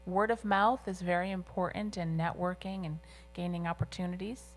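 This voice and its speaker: A woman interpreting a deaf guest's signed answers aloud in an interview, with a measured and slightly halting delivery. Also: fairly low pitch, little pitch movement, a little hiss or hum.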